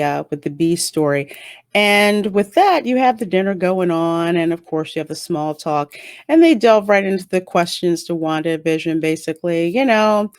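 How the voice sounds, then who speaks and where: A woman giving a casual, stream-of-consciousness review of a TV episode, chatty and animated, with sudden jumps up in pitch. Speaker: YouTube reviewer.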